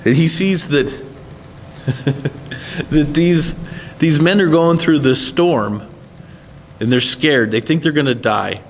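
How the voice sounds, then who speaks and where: Speaking slowly on the high side, with long pauses, a pastor delivers a sermon as a long reverb tail and slight background noise surround him. He keeps it conversational, frequently turning to his listeners with a "right?"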